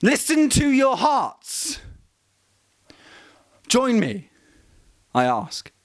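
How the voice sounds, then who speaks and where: Man, spoken word poet, high pitch, aggressive rhymes, profane, mocking. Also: huge pitch swings, very slow. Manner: aggressive, profane, rhythmic rhyming delivery.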